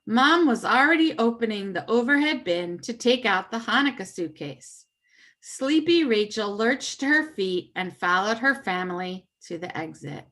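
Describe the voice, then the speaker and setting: A woman reading a children's story aloud with puppets, expressive and animated. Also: on the high side, moderate pace.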